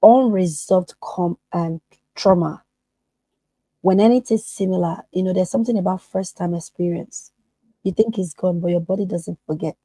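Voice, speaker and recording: Emphatic woman therapist, mellow husky tone. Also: fairly low pitch, fairly even intonation, normal speed, no room sound, rough recording. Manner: emphatic, acts out quoted voices. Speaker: therapist and podcast guest. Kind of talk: earnest podcast conversation.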